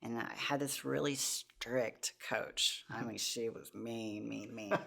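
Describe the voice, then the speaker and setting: A woman's voice: extremely low pitch, takes it slowly, vocal fry, fairly bright tone. A woman in her forties, a podcast guest, earnestly telling her personal testimony with many restarts.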